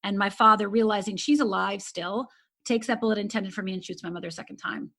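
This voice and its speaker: A middle-aged woman from Upper Michigan, a life coach guest, telling a painful personal story earnestly and dropping to a hush at the hardest moments. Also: mid-range voice, fairly even intonation, quick pace. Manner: earnest, intense, often drops to a hush.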